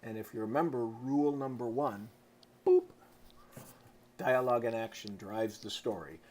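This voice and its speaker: A man's voice: mid-range voice, moderate pace, a little mellow. A middle-aged man, an author, giving a casual, chatty lesson on writing to camera, tossing in playful sound effects. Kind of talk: casual instructional talk to camera.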